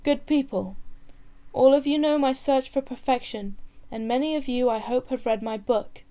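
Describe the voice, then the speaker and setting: A woman's voice: high-pitched, moderate pace, warm tone, lightly acted. A woman voicing a vain, anxious young male prince in a read-aloud story, speaking theatrically. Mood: proclaiming.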